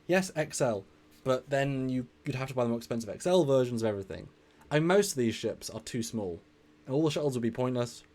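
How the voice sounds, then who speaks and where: A man in a mid-pitched, everyday voice hosts a casual live stream. He is chatty and energetic, reads viewer comments aloud and answers them on the fly with easy laughs. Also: fast, few pauses.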